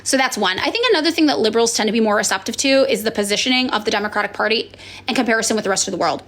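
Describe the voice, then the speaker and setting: A woman acting as a political influencer answers viewer questions in a casual chat, speaking frankly and profanely at a racing pace in a slightly bright voice. She's chatty, full of fillers and sighs, and suddenly jumps into high voices to imitate other people.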